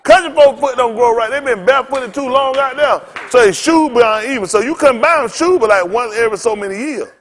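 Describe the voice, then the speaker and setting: A man's voice: extremely high pitch, brisk, few pauses, fairly bright tone. A male pastor preaching a sermon with funny stories, talking in a loose, colloquial way and often laughing as he tells them. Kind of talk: sermon with humorous storytelling.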